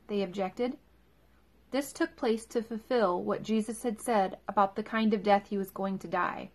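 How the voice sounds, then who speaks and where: Woman scripture reader, clear measured delivery, mid-range voice. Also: mid-range voice. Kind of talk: scripture reading.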